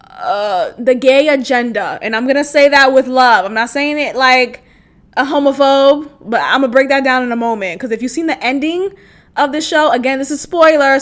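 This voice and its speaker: A woman hosting a podcast in casual chat, animated and profane, laughing often and swinging from loud outbursts to quiet asides. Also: sits high. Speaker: podcast host.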